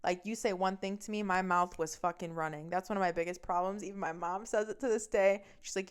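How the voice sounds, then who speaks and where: A woman hosting a podcast, telling a personal story with heavy swearing and a heated, fast delivery. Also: mid-range voice, fairly even intonation, clean tone. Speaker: podcast host.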